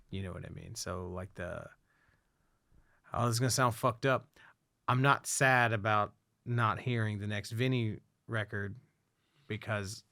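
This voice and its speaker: A man's voice: on the low side, vocal fry, pushed and bright, no room sound. A man co-hosting a podcast in casual chat, loose and swearing often. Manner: loose, swears a lot, many fillers. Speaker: podcast co-host.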